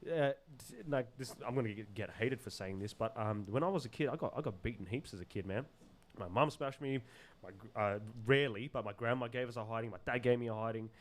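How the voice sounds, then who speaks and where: Casual male podcast guest, mid-pitched, animated, slangy storyteller. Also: fast talker. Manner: animated, loose with slang and swearing, laughs often.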